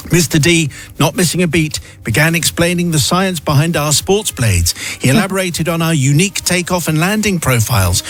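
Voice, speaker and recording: A radio host reading a listener's letter aloud in a wry, dryly theatrical storytelling manner. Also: male voice, a little high, fairly bright tone.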